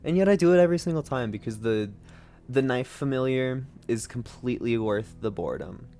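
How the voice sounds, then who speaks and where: A man chatting loosely while he plays a game on stream at home, his voice sitting at a mid pitch. He rambles and jokes at his own expense, swearing freely, with faint music running behind him. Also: expressive, brisk, mellow. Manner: rambling, self-deprecating, sweary. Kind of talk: casual gaming commentary.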